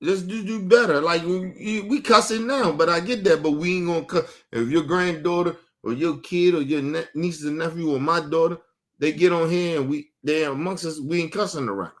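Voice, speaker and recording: A man's voice: fairly high pitch, normal speed. A man in his thirties hosting a casual streamed podcast, talking loosely and profanely, acting out quotes as he tells stories. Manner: profane, animated storytelling with acted-out quotes. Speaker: podcast host. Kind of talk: casual chat. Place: home studio, streaming.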